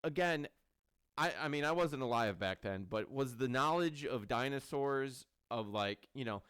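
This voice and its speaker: A man's voice: medium pitch, smooth, no echo. A man reviewing a movie in casual chat with friends, ranting animatedly, swearing and mocking scenes. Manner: animated, swearing, quick rants with mock quotes.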